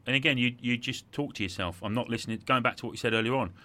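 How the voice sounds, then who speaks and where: A man's voice: medium pitch, rapid-fire, sharp tone. A middle-aged man, a podcast guest, telling an emotional story in conversation, reflective and repeating words when moved.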